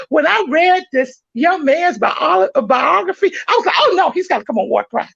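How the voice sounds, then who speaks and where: A woman hosting a podcast, loud and preachy, with an excitable, fiery delivery. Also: high voice, moderate pace, gravelly, hardly any pauses. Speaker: podcast host. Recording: dull lo-fi sound.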